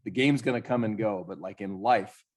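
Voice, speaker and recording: A man's voice: on the low side, normal speed. A man co-hosting a podcast, a coach speaking encouragingly in a casual chat.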